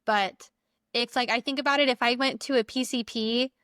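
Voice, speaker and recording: Smooth-voiced chatty woman podcaster. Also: fairly high pitch, steady tone, moderate pace, a bit bright, dry recording, studio quality. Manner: chatty, keeps prompting the other host with questions. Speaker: podcast co-host. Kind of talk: casual chat.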